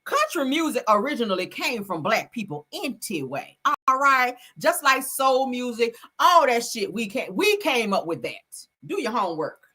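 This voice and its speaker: A woman's voice: fairly high pitch, sing-song, moderate pace, sharp tone, slightly rough. A woman hosting a casual commentary livestream, sassy and emphatic, swearing freely and talking straight to her viewers. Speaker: streamer and commentary host.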